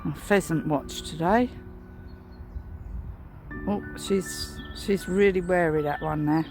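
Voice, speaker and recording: A woman's voice: fairly low pitch, slow pace. Woman vlogger, chatty, outdoors, faint music underneath. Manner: chatty, rambling. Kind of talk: casual garden vlog chat. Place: outdoors in a garden.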